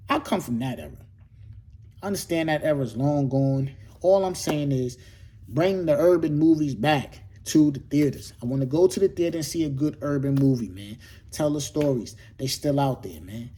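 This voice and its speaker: A man's voice: on the high side, expressive, normal speed, warm tone, slight background noise. A middle-aged man hosting his own show, talking casually and animatedly, with lots of slang, rhetorical questions and repetition. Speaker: host. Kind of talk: casual monologue to camera.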